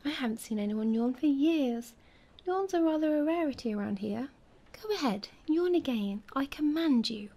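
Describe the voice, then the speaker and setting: A woman voicing a pompous old king who gives commands, in a soft, whispered role-play. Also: sits high, animated, moderate pace. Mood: commanding.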